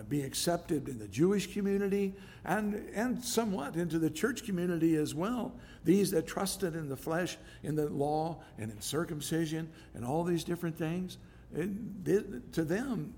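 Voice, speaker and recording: A man preaching a sermon in a conversational way, growing emphatic and loud when he drives a point home. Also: on the high side, vocal fry, slight background noise. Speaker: pastor.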